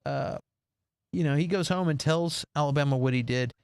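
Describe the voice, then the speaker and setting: A man's voice: fairly high pitch, moderate pace, gravelly, clean tone, dry recording, clean studio sound. A man co-hosting a casual podcast, recapping a movie and acting out the characters' lines. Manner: animated, acts out the characters' lines in different voices. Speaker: podcast co-host.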